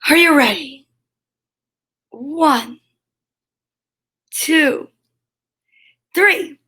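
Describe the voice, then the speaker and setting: A woman's voice: sits high, lively intonation, very slow, sharp tone. A woman hosting a children's story time in a cheerful, goofy way, reading out long lists of names. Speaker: host of a kids' story time show. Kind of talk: casual chat to children.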